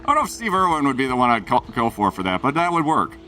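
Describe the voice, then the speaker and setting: A man's voice: medium pitch, very animated, fast talker, sharp tone, recorded from a distance, soft background music. A man streaming a game, chatting and joking with his chat as he plays. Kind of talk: casual gameplay commentary. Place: room at home.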